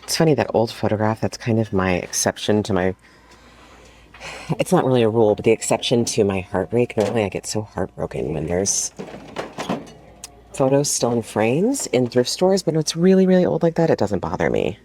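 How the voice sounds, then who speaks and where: A vintage home decor reseller talks fairly quickly in a bass voice during her casual thrifting vlog. Excitable and gushing, she often falls to a whisper, filming on a handheld phone in a thrift store.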